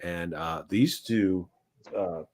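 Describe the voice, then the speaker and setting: A man's voice: low voice, slow. A man telling a rambling, profane anecdote on a casual live stream. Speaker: livestream host.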